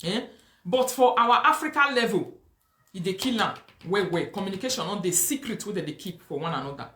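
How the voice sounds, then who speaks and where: A woman's voice: medium pitch, animated, brisk, a bit bright, reverberant. A woman with a Nigerian accent hosting a live talk show. She reads viewer comments and makes emphatic, preachy points, mixing Pidgin and English and repeating herself.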